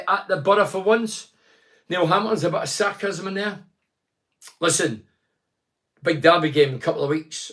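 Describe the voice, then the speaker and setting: Middle-aged Scottish male host, casual live-stream chat with viewers, anecdotal, slightly higher pitch. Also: a bit bright. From Scotland. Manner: chatty, reads out viewer comments and tells anecdotes.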